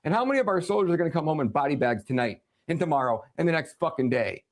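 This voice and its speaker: A man hosting a livestream, delivering an angry political rant full of swearing, with sudden shouted bursts. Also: on the high side, expressive, very fast. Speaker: livestream host.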